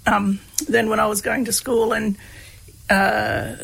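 A woman tells a personal story in a relaxed, halting way, pausing often on fillers. Her voice sits a little high, with a husky, gravelly texture. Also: rough recording. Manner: hesitant, many fillers, laughs while telling. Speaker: guest, researcher of comedy.

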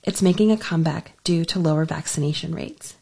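Female radio reporter, low gravelly read, slightly husky. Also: brisk. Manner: even, scripted delivery. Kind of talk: scripted news narration.

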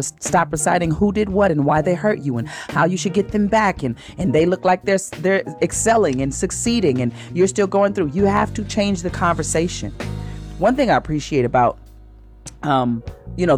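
Woman radio host, inspirational devotional talk, low voice, soft music underneath. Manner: slow, soothing, preacherly encouragement.

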